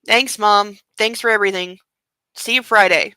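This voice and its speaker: A woman reading the lines of a cocky rich young man from a novel, in a flat, dry delivery. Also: medium pitch, moderate pace, clear, resonant tone, dry recording, close to an everyday voice.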